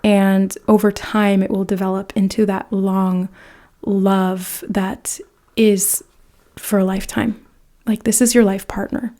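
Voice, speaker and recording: Mellow-voiced woman giving a chatty tarot reading. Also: mid-range voice, little pitch movement, slow. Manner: chatty and informal, often trailing into soft breathy asides. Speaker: tarot reader. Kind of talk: pick-a-card tarot reading.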